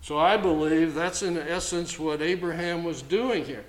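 A man preaching a sermon as pastor, slow and emphatic, repeating words for weight. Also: fairly high pitch. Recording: echoey room with faint ambience.

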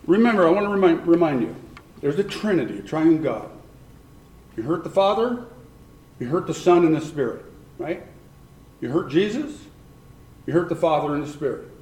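A man's voice: on the high side, sing-song, moderate pace, pauses often, a little mellow. A man preaching a sermon who keeps questioning his congregation and repeats points for emphasis. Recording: echoey room.

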